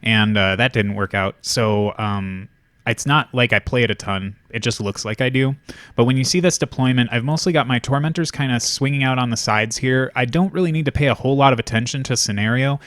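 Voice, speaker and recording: A man's voice: mid-range voice, a little fast, a bit bright, no echo. A man hosting a tabletop wargame battle report, talking casually and rambling with lots of fillers and restarts. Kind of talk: casual chat.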